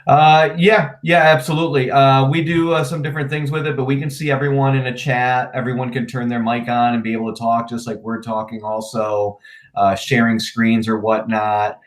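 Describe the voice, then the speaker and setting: A managing partner talking casually in a remote interview, relaxed and plain-spoken, with frequent "uh"s and restarts over a video call. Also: male voice, mid-range voice, moderate pace. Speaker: managing partner of an insurance agency.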